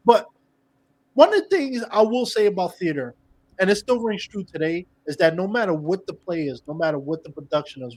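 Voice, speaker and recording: A man with a slightly raised speaking voice hosts a casual podcast conversation. He talks animatedly, jumping back into his sentences with repeated starts. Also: fairly high pitch. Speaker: podcast host. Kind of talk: casual interview chat.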